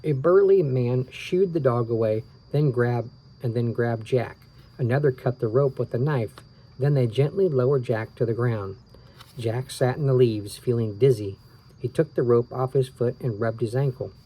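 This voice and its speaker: A man reading a children's book aloud, relaxed and tired, stopping for small asides and rereading his slips. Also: mid-range voice, normal speed, slightly rough, rough recording. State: tired, yawning. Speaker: reader of children's books.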